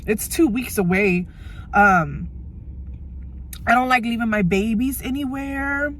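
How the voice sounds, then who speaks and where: A woman's voice: a little high, slow pace, slight background noise. Tearful nervous woman vlogging from her car. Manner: nervous, emotional, rambling with many fillers. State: teary, on the verge of crying. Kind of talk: tearful personal vlog. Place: inside a parked car.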